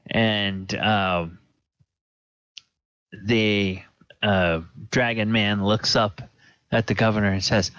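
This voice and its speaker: A man narrating as dungeon master of a tabletop game, slow and halting with plenty of fillers, over a home computer mic in an online session. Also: lowish voice, steady tone, fairly bright tone, no room sound. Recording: dull, dry lo-fi audio.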